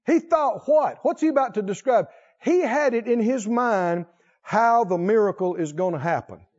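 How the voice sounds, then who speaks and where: A man's voice: sits high, animated, moderate pace, darkish tone, highs cut off. A male preacher delivering a sermon, talking with animation, questioning the crowd and laughing now and then.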